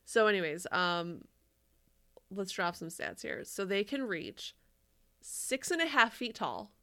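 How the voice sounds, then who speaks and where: A woman's voice: mid-range voice, lively intonation, slow pace, fairly bright tone. A woman co-hosting a casual podcast, talking in a loose, rambling way. She giggles often and drops the odd swear word. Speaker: podcast co-host. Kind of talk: casual chat.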